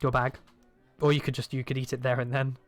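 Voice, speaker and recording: A man's voice: medium pitch, flat delivery, a little fast, faint music behind, lightly acted. A man voicing an annoyed male goblin tending bar, who talks curtly and in a businesslike way.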